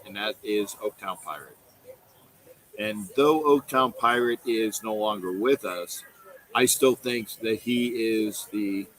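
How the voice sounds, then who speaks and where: A man's voice: mid-range voice, a bit bright, low-quality recording. Middle-aged male host, casual livestream, rambling delivery, repeats lines, mid-range voice. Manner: rambling, repeats himself, reads viewer comments aloud. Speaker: host of a fan call-in livestream. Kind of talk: casual live-stream fan talk.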